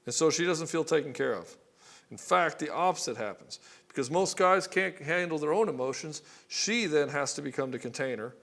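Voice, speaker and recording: His pitch is fairly high and creaky, a bit bright, with an animated delivery at a moderate pace. The man coaches husbands on relationships straight to camera, bluntly and with casual swearing, acting out both sides in short skits.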